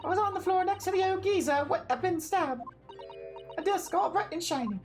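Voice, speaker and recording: A man voicing a tough teenage Cockney street girl who comes out sounding like a middle-aged woman, in rough slangy speech. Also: very high voice, expressive, a little fast, over music, pitched above the performer's own voice. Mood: wary. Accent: put-on Cockney. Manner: rough slangy telling with dropped grammar. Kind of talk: game dialogue read aloud on a stream.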